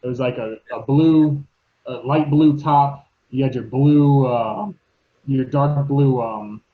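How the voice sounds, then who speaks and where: A man co-hosting a casual podcast, talking in a relaxed, halting way with lots of "um" and "you know" and some swearing. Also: medium pitch. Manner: laid-back, halting, many fillers, swears casually. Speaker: podcast co-host, navy veteran. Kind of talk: casual chat. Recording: tinny phone-like line.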